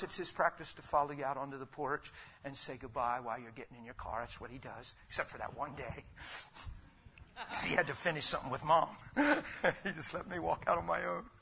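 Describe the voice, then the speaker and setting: A man preaching an impassioned sermon in church. He swings from loud exhortation to near whispers and piles up repeated phrases. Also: medium pitch, brisk, a little hiss or hum. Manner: repetitive rhetorical build-ups.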